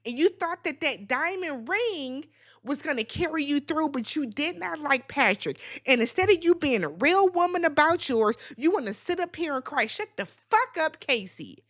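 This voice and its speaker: A woman's voice: sits high, expressive, moderate pace, fairly bright tone. A woman giving a blunt, sassy, profane recap of a reality TV reunion, talking straight at the cast. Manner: talks straight to the people on the show. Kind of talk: opinionated show recap.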